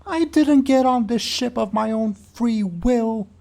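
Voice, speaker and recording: A man voicing the Weasel, a cowardly, panicky male prisoner who whines and swears in a shrill, frantic voice. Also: takes it slowly, vocal fry, a little mellow, heavily acted.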